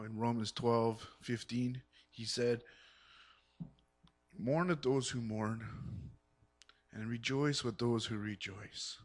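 A man speaks in an earnest, rambling way as he gives his testimony to a church. He pads his thoughts with fillers and restarts, then lifts into sudden excited bursts. His pitch sits in an ordinary middle range. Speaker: church member giving testimony. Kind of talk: spoken testimony.

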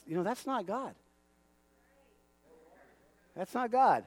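A man preaching a sermon, animated and calling out to the congregation for responses. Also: high voice, takes it slowly.

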